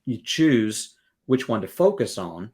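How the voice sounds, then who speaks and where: A man's voice: lowish voice, big pitch swings, a little slow, darkish tone, husky. Man explaining earnestly. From Southern United States. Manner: earnest explaining, with everyday analogies; acts out quoted exchanges. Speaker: guest music educator. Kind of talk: podcast interview.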